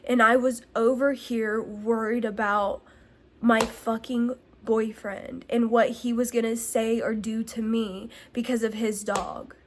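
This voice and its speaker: Slow-talking young woman telling a personal story. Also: fairly high pitch, level tone, a little hiss or hum. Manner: candid, emphatic, swearing, filler-heavy. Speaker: vlogger.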